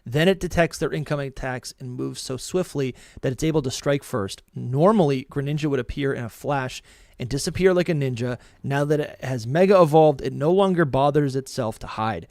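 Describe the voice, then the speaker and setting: A man co-hosting a podcast in casual chat, excitable, often stumbling and restarting, who also reads entries aloud. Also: medium pitch, a little fast, no echo, studio quality. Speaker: podcast co-host.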